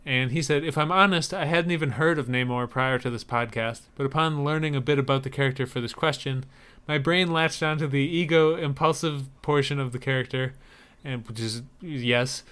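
A man's voice: medium pitch, normal speed, a bit bright, smooth. A man co-hosting a podcast in casual chat, wry and chuckling as he reads out listener emails. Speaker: podcast co-host.

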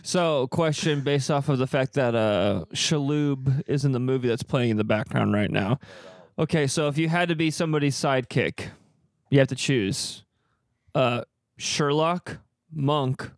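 A man's voice: mid-range voice, measured pace, dry recording, clean studio sound. A man co-hosting a casual podcast chat, laughing often and posing playful questions to his brothers. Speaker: podcast co-host.

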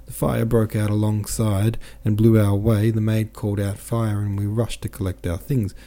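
A man reading the part of a distraught middle-aged mother who pleads and scolds in a higher, louder voice. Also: level tone, moderate pace, close to an everyday voice. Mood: sobbing. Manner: pleading, frantic, then scolding.

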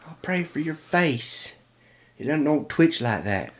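A fussy, doting neighborhood lady with a Southern drawl, as a man puts her on. The voice jumps up high and loud from his usual low register, worried and insistent. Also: big pitch swings, unhurried. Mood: fussing. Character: concerned neighborhood lady, woman, fussing.

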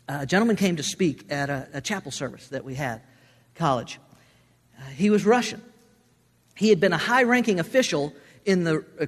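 Male pastor, high-pitched, emphatic sermon delivery with frequent restarts; recorded with hall reverb. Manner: emphatic, repeats words as he restarts.

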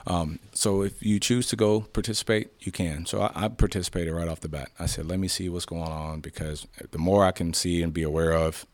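A man's voice: deep voice, fairly quick, few pauses, dry recording. A man, a police sergeant, telling his story candidly in an interview and acting out the dialogue as he goes. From South Side of Chicago. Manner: animated retelling with quoted dialogue, frequent restarts.

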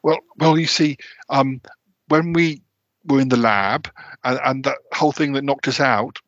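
A man's voice: medium pitch, unhurried, a bit bright, dry recording. A man hosting a podcast and improvising a comedy audio drama in a flustered, stammering way. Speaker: podcast host. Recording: dry, slightly dull home recording.

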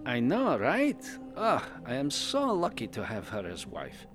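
A man's voice: medium pitch, wildly swooping pitch, a little slow, background noise. A man voicing a cheerful male pandaren adventurer, a doting husband who tells his story in broken English with dropped articles. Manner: broken English, drops articles and verb endings. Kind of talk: in-character fan podcast storytelling.

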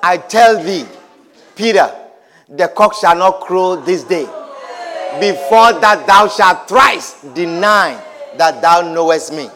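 A preacher doing a grave, slow prophetic voice. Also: male voice, animated, pushed and bright, a faint crowd, full character voice. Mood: solemn. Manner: slow, deep, grave scripture quoting. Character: solemn prophetic man, grave and weighty.

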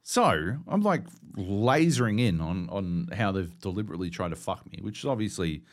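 A young Australian man co-hosting a gaming podcast, ranting and swearing through an animated story. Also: fairly low pitch, moderate pace. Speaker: podcast co-host. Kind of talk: casual chat.

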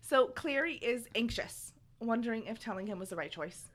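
A woman's voice: fairly high pitch, lively intonation, moderate pace, a bit bright. A woman co-hosting a casual podcast, recapping a book chapter in a chatty, giggly way. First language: Spanish not said; speaks Spanish at home. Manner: chatty storytelling recap, giggling between points. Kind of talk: casual chat.

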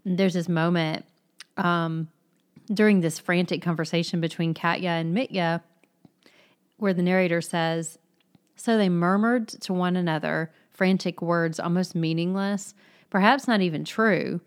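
A woman's voice: fairly low pitch, fairly even intonation, measured pace. A woman co-hosting a casual book discussion, thoughtful, laughing often and trailing off mid-thought.

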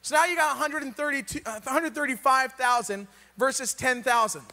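Casual joking preacher, male, high voice, reverberant church hall. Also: fairly quick, pushed and bright. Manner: casual, joking retelling with rhetorical questions. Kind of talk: sermon.

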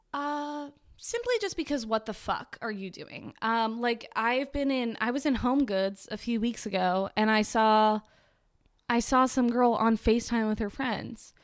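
A woman's voice: on the high side, no room sound, studio quality. A woman in her twenties ranting casually and sarcastically, rambling with lots of fillers.

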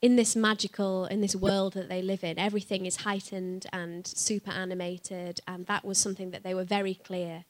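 Woman, panel guest, chatty, playful, quick laughs. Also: mid-range voice, flat delivery. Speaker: voice actor guest on a live panel. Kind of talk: casual panel Q&A.

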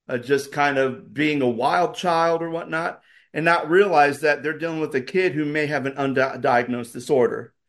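A man's voice: fairly high pitch, fairly bright tone. A man co-hosting a podcast as a pastor, talking casually and explaining points with facts and frequent fillers.

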